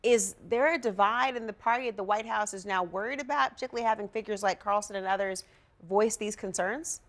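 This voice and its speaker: A woman anchoring a live news panel, posing crisp, direct questions. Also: mid-range voice, brisk, fairly bright tone.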